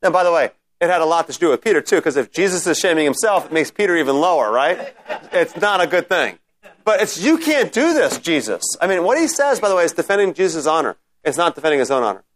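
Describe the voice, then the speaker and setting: Guy teaching a bible study class, voice on the high side, chatty, keeps asking if people follow. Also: animated, fast talker. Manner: conversational, checks in with the class often.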